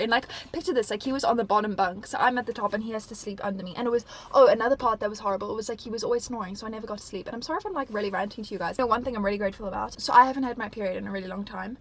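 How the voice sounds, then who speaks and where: A young South African woman vlogs casually, reading diary entries aloud and rambling with plenty of "like." Her medium-pitched voice sounds a bit bright, and there's a slight hiss or hum.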